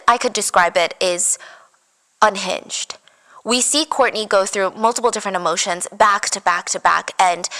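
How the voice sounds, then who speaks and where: A woman's voice: medium pitch, fairly bright tone, big-room sound. A woman hosting a podcast, recounting events in a casual, conversational way with frequent filler words. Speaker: podcast host.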